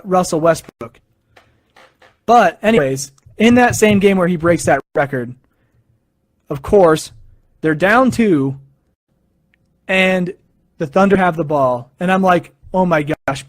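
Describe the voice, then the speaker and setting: On his sports podcast, a man with a high-sitting voice tells stories with animated excitement while offering offhand takes. No room sound is audible.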